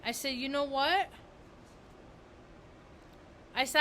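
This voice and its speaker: High, bright-voiced rambling woman vlogger. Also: unhurried, a little hiss or hum. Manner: rambling, repeats and restarts words, emphatic. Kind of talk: rambling spiritual monologue.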